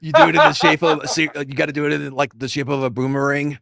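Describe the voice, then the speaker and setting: A man co-hosting a comedy show, bantering in character with a crude, deadpan, rambling manner. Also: fairly high pitch, quick pace, creaky, crowd noise.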